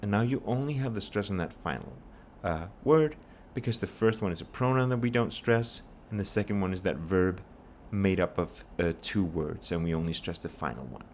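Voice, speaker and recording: A man teaching a pronunciation lesson, patiently explaining and repeating example phrases slowly. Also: low-pitched, a little hiss or hum. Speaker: language teacher.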